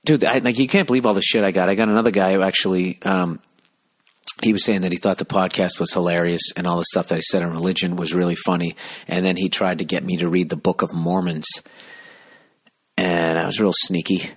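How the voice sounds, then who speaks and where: A man's voice: low voice, fairly even intonation, fairly quick, a bit bright, slightly rough. A man hosting a solo comedy podcast, ranting sarcastically and swearing as he riffs. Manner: sarcastic, profane, riffing. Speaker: podcast host.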